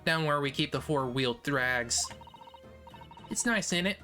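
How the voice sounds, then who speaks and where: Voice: mid-range voice, expressive, measured pace, pushed and bright, faint music behind. A streamer voicing a brash young female pickpocket with a southern English accent while reading a game aloud. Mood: chirpy. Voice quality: brash, streetwise.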